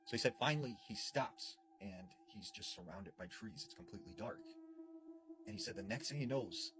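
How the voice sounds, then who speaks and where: A man's voice: on the low side, animated, normal speed, over music. A man casually retelling a scary story he heard from someone else, repeating "and he said" and "you know" as he goes. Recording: noisy background.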